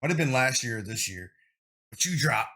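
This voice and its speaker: A man hosting a podcast in casual chat, animated and swearing freely as he talks. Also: medium pitch, moderate pace. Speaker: podcast host.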